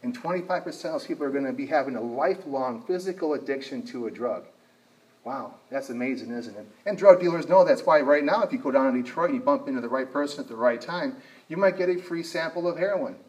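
A man's voice: mid-range voice, animated, fast talker, a little mellow, recorded from a distance, poor audio. Man giving a talk from across a room. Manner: storytelling, asks the audience questions. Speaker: speaker on addiction. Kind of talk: motivational talk to an audience. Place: room with a live audience.

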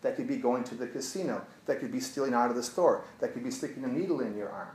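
A man's voice: mid-range voice, fast, darkish tone, slight background noise. Earnest male therapist in an echoey room. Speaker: addiction therapist. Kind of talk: storytelling talk to an audience.

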